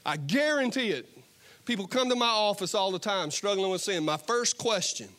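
A man's voice: sits high, very animated, moderate pace. A man preaching a sermon as pastor, moving between fervent appeals and joking stories. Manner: impassioned, then joking storytelling. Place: church stage. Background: soft guitar worship music.

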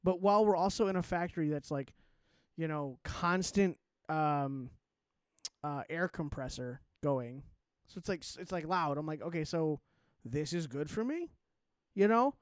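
A young man co-hosting a podcast, telling stories in a casual, animated way and acting out the people he quotes. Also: on the high side, moderate pace, clear, resonant tone, dry recording, studio quality. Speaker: podcast co-host. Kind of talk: casual chat.

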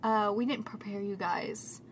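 A woman's voice: mid-range voice, fairly even intonation, measured pace, soft background music. A young woman co-hosting a podcast in casual chat, rambling and self-deprecating. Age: young adult. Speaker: podcast co-host.

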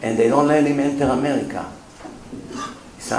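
A man's voice: medium pitch, steady tone, brisk, long pauses, a little mellow. A man, a rabbi, telling a story as a sermon, emphatic, with non-native English phrasing. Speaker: rabbi and lecturer. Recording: roomy hall with faint room noise.

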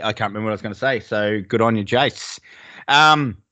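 A man's voice: medium pitch, moderate pace, bright, forceful tone, no room sound. A man co-hosting a casual sports podcast over a video call, telling blunt, sweary stories. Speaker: podcast co-host.

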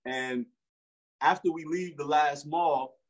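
A man's voice: a little high, takes it slowly. A man, telling a story in slangy street talk with frequent restarts. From Newark, New Jersey. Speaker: interview guest. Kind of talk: casual storytelling. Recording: dull lo-fi recording.

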